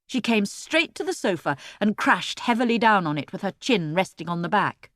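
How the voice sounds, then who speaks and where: A woman narrating a children's storybook in an expressive, lively way, recorded close on a studio mic. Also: medium pitch, normal speed, no echo. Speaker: audiobook narrator.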